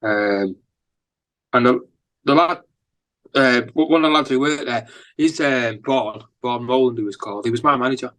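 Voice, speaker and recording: A man's voice: mid-range voice, moderate pace, pauses often, rough recording. Chatty northern English man telling stories. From England. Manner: rambling, animated anecdotes with lots of fillers. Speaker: musician guest. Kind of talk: casual storytelling interview.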